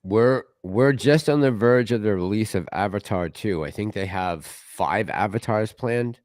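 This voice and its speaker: A man's voice: on the low side, a little slow, a little mellow, no room sound. Tipsy man with a Boston accent. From Massachusetts. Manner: rambling, laughs easily. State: tipsy from tequila. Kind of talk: casual late-night live stream chat.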